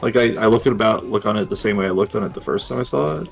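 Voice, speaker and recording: A man's voice: fairly low pitch, creaky, soft background music. A man chatting casually in a gaming commentary, rambling and restarting his sentences. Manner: rambling, halting, many restarts.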